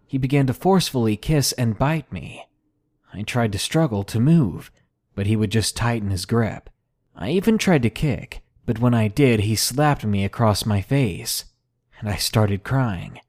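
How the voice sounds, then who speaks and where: A man reading a submitted first-person horror story aloud in a measured, steady narration. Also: mid-range voice.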